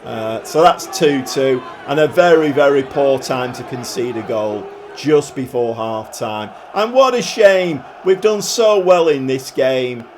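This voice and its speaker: A man giving casual, chatty play-by-play commentary on his football management game, with dry humour and swings between glum grumbling and excited cheering. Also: mid-range voice, a little slow, few pauses, noisy background. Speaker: gaming YouTuber.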